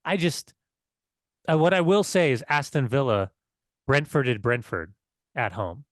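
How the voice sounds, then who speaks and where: A man co-hosting a casual football podcast, telling excited, swearing stories with laughs. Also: medium pitch, a little slow, no room sound, clean studio sound. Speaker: podcast co-host.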